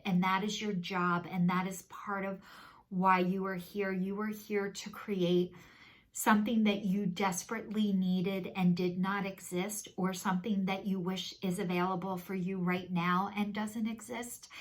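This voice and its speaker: A woman reads oracle cards for her viewers in a slow, deliberate delivery, her voice earnest and consoling. She sounds close to tears at times, with a mid-range pitch and unhurried pauses. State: tearful. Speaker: tarot and oracle card reader. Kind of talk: spiritual card reading to camera.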